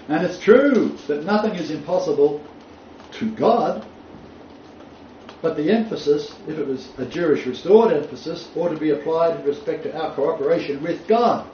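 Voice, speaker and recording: Distant roomy preacher man. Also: a little high. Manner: quotes scripture emphatically, rising on key phrases. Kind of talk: sermon. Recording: roomy, distant, dull, faint noise.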